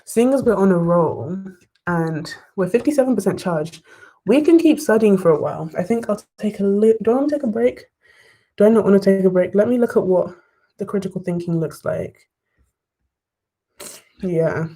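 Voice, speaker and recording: A young woman streaming herself studying live, thinking aloud through exam questions and chatting excitedly to her viewers. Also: mid-range voice, moderate pace, husky. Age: young adult. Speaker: study vlogger. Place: bedroom desk, wrapped in blankets.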